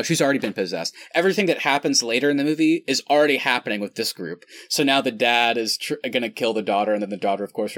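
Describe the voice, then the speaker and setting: A man's voice: mid-range voice, fairly bright tone, no echo. A man co-hosting a podcast, chatting casually and enthusiastically, rambling with frequent laughs. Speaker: podcast co-host. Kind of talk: casual chat.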